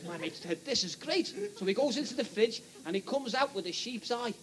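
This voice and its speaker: A stand-up comedian with a Liverpool accent telling a joke, chatty and teasing the audience. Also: male voice, high-pitched, lively intonation, a little fast. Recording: live audience laughter and noise.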